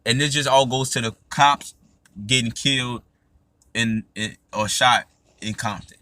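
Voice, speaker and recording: An emphatic man talks through a casual podcast monologue. His voice is bright and forceful, sits at a medium pitch, and is recorded close and dry. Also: fairly even intonation, measured pace, no echo. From United States. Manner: emphatic, repeats "you know what I'm saying". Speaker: podcast host.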